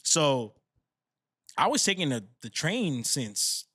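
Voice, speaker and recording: A young man tells a rowdy story on a podcast, slangy and animated, often breaking into laughter. His voice sits a little high for a man. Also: takes it slowly. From New York City. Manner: animated, laughing storyteller who acts out quotes. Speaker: podcast co-host. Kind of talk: casual storytelling.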